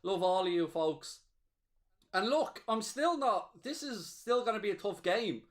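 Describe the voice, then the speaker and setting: A high-voiced man in no hurry hosts a live football watchalong. He gets excitable, cheering and gloating, and reads out messages from his viewers' chat.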